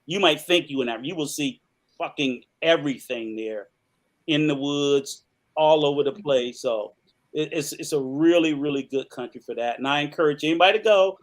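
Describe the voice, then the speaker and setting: A man with a slightly raised pitch hosts a relaxed group chat. He talks loosely, circling back and restarting, and drops curse words without a thought. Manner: loose, rambling, swears casually. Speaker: podcast host. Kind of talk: casual chat.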